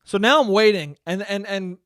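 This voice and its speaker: Young guy podcasting solo, high voice, super dry close sound, swears a lot. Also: moderate pace, no echo. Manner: animated, swears often, acts out quotes. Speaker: podcast host. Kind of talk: casual storytelling monologue.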